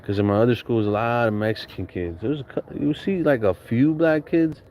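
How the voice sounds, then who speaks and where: A Southern California man, appearing as a podcast guest, tells stories in a casual, slangy, profane way and laughs often. His mid-range voice moves fairly quickly with a darkish tone, and there is slight background noise.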